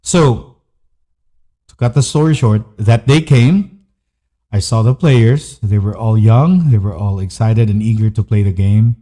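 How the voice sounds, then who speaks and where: A man's voice: on the low side, measured pace, mellow. A man hosting a podcast, telling a personal story in an earnest, candid way, with short listed phrases. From Philippines. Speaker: podcast host.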